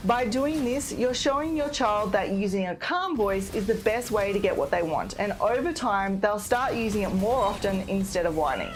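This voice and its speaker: A woman giving parenting advice in calm, steady, scripted narration, like a patient teacher. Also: medium pitch, normal speed, few pauses, soft background music. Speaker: parenting educator.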